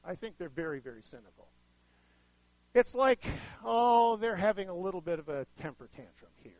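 A man with a fairly high voice preaches a conversational sermon, talking to his listeners and asking them questions. His sound is dry and close, and he swings between quiet asides and loud emphasis. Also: expressive, moderate pace, no room sound, poor audio. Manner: conversational, asks the audience questions; dramatic shifts in loudness, acts out quoted voices. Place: room with a live audience.

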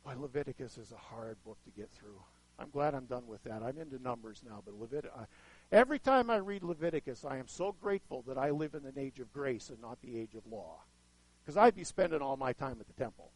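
A man preaching a sermon to a live audience, chatting with them and asking questions, with sudden swings in loudness as he acts out voices. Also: mid-range voice, expressive, a little fast, husky, no room sound, poor audio. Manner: conversational, asks the audience questions; dramatic shifts in loudness, acts out quoted voices.

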